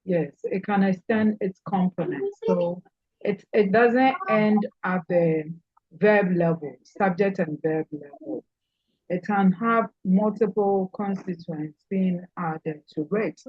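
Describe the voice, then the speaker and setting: A woman lecturer teaches over a video call, calling on students by name and repeating her main points. She speaks slowly and deliberately. The audio is dry and dull, like a lo-fi online call. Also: medium pitch, breathy edge, no room sound. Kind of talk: online class discussion.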